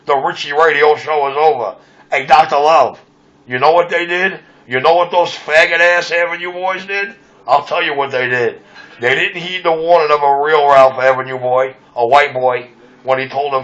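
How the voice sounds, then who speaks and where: A man's voice: a little high, normal speed, a bit bright, dull audio. A man hosting a CB radio show, boastful and taunting. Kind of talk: ranting over CB radio.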